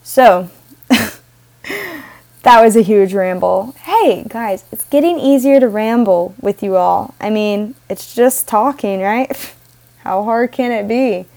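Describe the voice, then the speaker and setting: A young woman with a slightly high voice chats alone on her podcast, wandering off on tangents and laughing at herself. She talks casually and loosely, as if to friends. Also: expressive, takes it slowly, a little mellow. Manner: rambling, self-interrupting, giggly. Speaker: podcast host. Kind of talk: casual solo podcast ramble.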